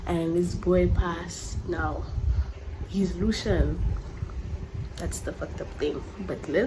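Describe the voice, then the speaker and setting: A young woman vlogger telling a story in casual chat, blunt and profane with lots of slang fillers. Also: lowish voice. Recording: noisy home recording.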